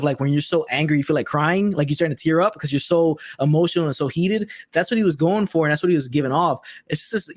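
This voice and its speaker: A man talks wrestling in a quick, rambling way, packed with "like" and "um", his voice sitting a little high for a man. The sound is dry and close, with no room around it. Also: no room sound. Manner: rambling, filler-heavy, animated. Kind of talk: casual chat.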